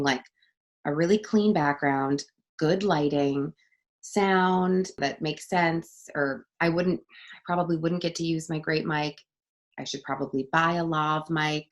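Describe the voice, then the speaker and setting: Chatty young woman with a low voice. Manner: chatty, upbeat, many fillers. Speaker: voice actor guest. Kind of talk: casual interview chat. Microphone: home studio mic.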